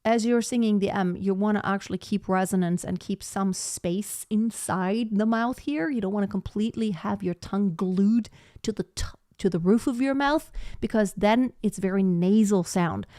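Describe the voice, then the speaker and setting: A woman's voice: medium pitch, normal speed, dark tone, dry recording, clean studio sound. A woman voice teacher giving a live singing lesson, explaining technique and breaking into short sung demonstrations.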